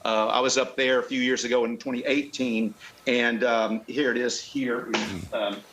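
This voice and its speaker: A man's voice: mid-range voice, flat delivery, fairly bright tone, slight background noise, poor audio. A man talking as a car club guest on a video call. He rambles and halts, restarting his sentences often. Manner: rambling, halting, with many restarts. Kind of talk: casual chat.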